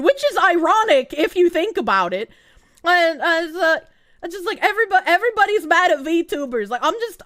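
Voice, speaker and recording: Gruff Boston woman, high and lively. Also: brisk, no echo, studio quality. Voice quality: gruff, grating. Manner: blunt and profane, laughs often. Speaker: VTuber streamer. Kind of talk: casual live-stream chat.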